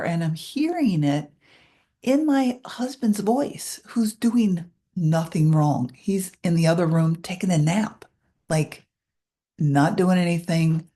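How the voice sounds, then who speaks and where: Mellow, low-voiced woman guiding meditation. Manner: candid and self-deprecating, softening to a hushed meditative tone. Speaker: meditation guide. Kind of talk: casual talk leading into a guided meditation.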